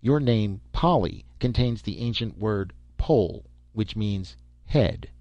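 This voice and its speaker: A sharp, dry-witted agent, as a storyteller voices him, calm and measured. His voice is low and close, with a dull, lo-fi sound. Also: no room sound. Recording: dull lo-fi recording.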